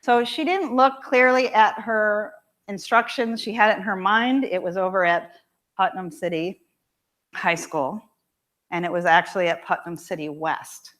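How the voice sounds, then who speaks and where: A woman minister preaching a sermon in a church, emphatic and expressive, repeating key lines slowly for weight. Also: medium pitch. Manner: emphatic and expressive, with measured repetition. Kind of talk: sermon with storytelling. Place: church sanctuary.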